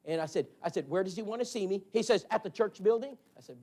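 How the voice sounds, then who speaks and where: A man's voice: high-pitched, expressive, fast, warm tone. A man, preaching in a storytelling style and acting out the voices of the people in his stories. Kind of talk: storytelling sermon. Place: church hall.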